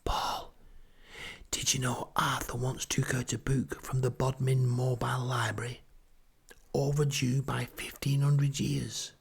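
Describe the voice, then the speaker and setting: A man voicing a secretive retired woman librarian who whispers everything, in a hushed conspiratorial way. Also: medium pitch, level tone, a little slow, vocal fry, breathy edge, voice pushed up, full character voice.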